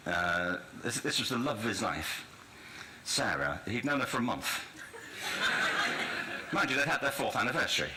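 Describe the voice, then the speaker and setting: A man's voice: on the low side, very animated, unhurried, pauses often. A man telling a funny story in a dry, understated way in a played-back talk. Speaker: speaker in a played talk clip. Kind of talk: humorous public talk. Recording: played-back clip with faint room noise.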